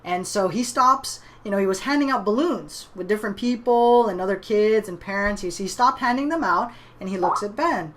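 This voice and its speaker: A woman's voice: medium pitch, normal speed, few pauses. A woman telling a motivational story in a conversational way, often tagging her lines with "right?". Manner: conversational, many "you know" and "right?" tags. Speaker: online business trainer.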